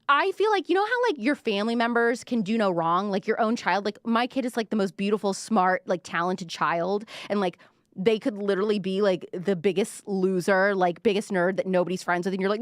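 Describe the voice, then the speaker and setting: A woman's voice: mid-range voice, brisk, no room sound, studio quality. A young woman hosting a pop culture show, talking casually and self-deprecatingly with lots of fillers and playful quoted voices. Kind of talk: casual chat to camera.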